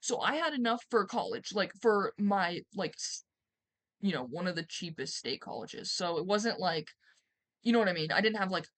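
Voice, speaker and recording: A young woman streamer telling a personal story in a rambling, animated way, swearing and acting out quotes loudly. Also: mid-range voice, normal speed. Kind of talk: casual storytime.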